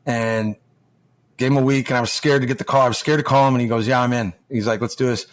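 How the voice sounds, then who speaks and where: Quick and steady, with a mid-range voice, a former pro hockey player in his forties who now coaches juniors swaps stories as a podcast guest. He's loose, rambling and profane, acting out the dialogue he quotes in a casual chat.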